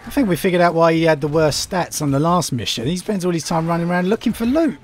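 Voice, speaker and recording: A man's voice: a little high, animated, fast, a little hiss or hum. A man hosting a casual let's-play, chatting and teasing his friends as he plays. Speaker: gaming channel host.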